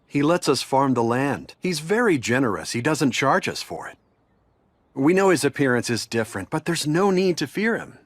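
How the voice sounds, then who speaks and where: A man's voice: mid-range voice, sing-song, moderate pace, no echo. An actor voicing a plain-spoken, wary male villager in an anime dub.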